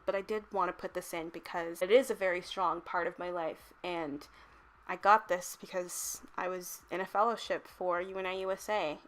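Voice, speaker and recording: Chatty young woman vlogger. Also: mid-range voice. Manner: chatty, laughs often, animated when telling stories. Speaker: travel vlogger. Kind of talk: casual chat.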